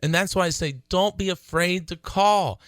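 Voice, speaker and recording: Middle-aged guy doing his radio show, kinda high voice, dry studio mic, earnest and gets all fired up. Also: moderate pace, no echo. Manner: earnest, excitable, laughs between phrases. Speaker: attorney and radio show host. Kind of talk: radio talk show monologue.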